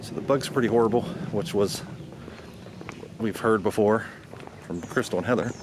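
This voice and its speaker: Low-voiced man vlogging outdoors. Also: normal speed. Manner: rambling, loose, with many fillers and restarts. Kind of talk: casual walking vlog commentary. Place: outdoors on a forest trail and road. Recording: outdoor noise behind the voice.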